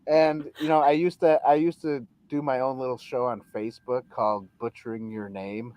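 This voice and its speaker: A man's voice: medium pitch, fairly even intonation, moderate pace, warm tone, dry recording. A man hosts a podcast, chatting in a loose, joking way with a mid-range voice. He plays around with silly voices along the way. The recording is dry and close. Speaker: podcast host. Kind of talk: casual chat.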